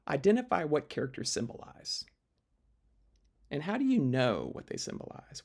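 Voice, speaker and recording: A man's voice: mid-range voice, vocal fry, slightly rough. A man teaching literature in a recorded lecture video, explaining step by step with fillers and restarts.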